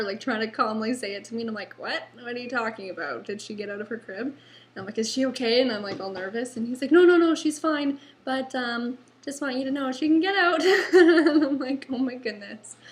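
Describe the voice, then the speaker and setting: A woman's voice: medium pitch, a little hiss or hum. A young woman, a mother, chatting casually about her toddler in a rambling home vlog with many fillers. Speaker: vlogger, mother.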